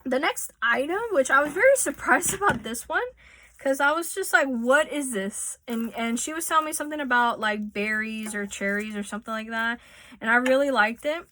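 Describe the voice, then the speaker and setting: A woman's voice: fairly high pitch, expressive, fairly quick, sharp tone, a little hiss or hum. A woman chatting casually in a home vlog as she shows off gifts, with many fillers and restarts. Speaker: vlogger showing gifts. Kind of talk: casual show-and-tell. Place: home room. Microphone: phone.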